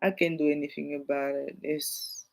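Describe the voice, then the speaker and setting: Animated woman with a French accent. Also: sits low, normal speed, gravelly. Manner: animated, repetitive, emphatic, addresses viewers directly. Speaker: realtor. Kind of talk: casual vlog talk to camera.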